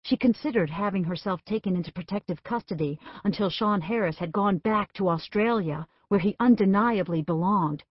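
A woman's voice: mid-range voice, moderate pace, hardly any pauses, no room sound. Woman narrating an audiobook, dry sound. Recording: dull, dry studio recording.

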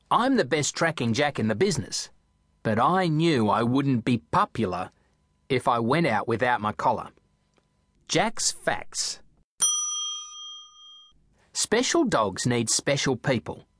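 A man narrating a children's audiobook in a playful, expressive storytelling manner. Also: medium pitch, dry recording, clean studio sound.

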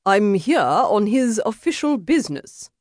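A woman voicing a pompous, testy gentleman emissary who speaks haughtily and sounds out of breath. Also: medium pitch, moderate pace, dry recording, studio quality, voice pushed up, natural voice. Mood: huffy, haughty.

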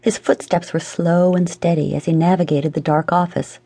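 A woman narrating a humorous audiobook in a measured, expressive storytelling manner. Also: lowish voice, creaky, husky, no echo. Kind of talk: scripted narration.

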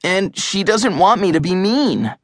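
Man voicing an exasperated young boy, higher than his own voice, animated, dry studio sound. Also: a little slow, no room sound. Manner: exasperated, matter-of-fact. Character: level-headed boy, impatient and sarcastic. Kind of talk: audiobook character voice.

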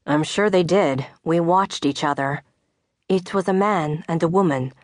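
A woman's voice: fairly low pitch, a little slow, dry recording, clean studio sound, natural voice. A woman voicing a direct, earnest French farm widow under forty in an audiobook.

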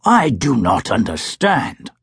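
A grave, deliberate plainsman who weighs each word, slow and measured, as a man narrating an audiobook puts him on. The voice is husky and dry, with wide pitch swings. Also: huge pitch swings, a bit bright, no room sound, full character voice. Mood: solemn. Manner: slow, measured, solemn speech. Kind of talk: audiobook character voice.

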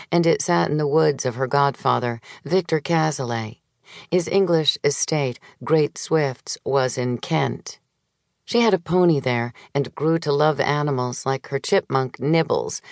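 Woman reading a memoir audiobook, really low voice, dry close studio sound, wry and measured. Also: no echo. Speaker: audiobook narrator. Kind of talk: scripted memoir narration. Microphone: close studio mic.

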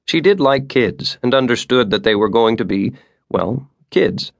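A man reading an audiobook as narrator, in an even, measured storytelling manner. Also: mid-range voice, creaky, no echo. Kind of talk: scripted narration.

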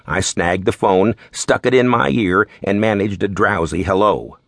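Male narrator for a detective audiobook, low-ish voice, wry and easygoing, dry studio sound. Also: a little slow, creaky, no echo. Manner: wry, relaxed storytelling. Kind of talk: first-person audiobook narration.

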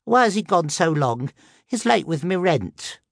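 A man putting on a shrill, demanding older landlady, her voice pitched well above his own and gravelly at the edges. She grumbles and pushes, swooping up and down as she nags. The recording is dry and close. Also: very animated, measured pace, no echo, exaggerated voice. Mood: nagging. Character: shrill nagging older landlady, small and fierce.

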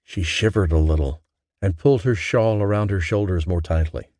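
Male narrator for a romance audiobook, gentle and measured, dry studio sound. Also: sits low, dry recording. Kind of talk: scripted narration.

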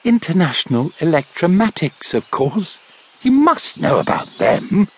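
A man voicing a nervous young male truck driver on the run, who talks in an urgent, frightened way and shouts in an audiobook reading. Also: on the high side, sing-song, a little slow, slightly rough, voice pushed up, exaggerated voice.

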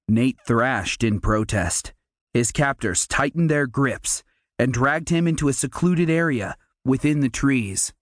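A man narrating a children's fantasy audiobook in a measured, storytelling manner. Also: medium pitch, dry recording. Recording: dry close studio mic.

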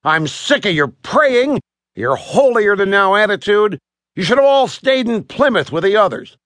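A man's voice: fairly high pitch, wildly swooping pitch, moderate pace, creaky, a bit bright, no room sound, exaggerated voice. A sneering, hateful sailor, as a male narrator puts him on. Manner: scornful, taunting. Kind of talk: audiobook character voice.

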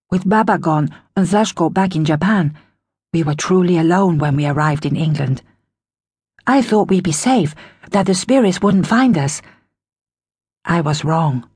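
A woman reads a children's book aloud in the first person, with a lot of expressive rise and fall. Her voice sits fairly low and is soft and breathy. The recording is close and dry. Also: no echo. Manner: expressive, storytelling. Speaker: audiobook narrator.

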